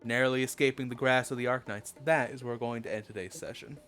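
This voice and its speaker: A man narrating a tabletop game as game master in a casual, halting way. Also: mid-range voice, fairly even intonation, a bit bright, faint music behind.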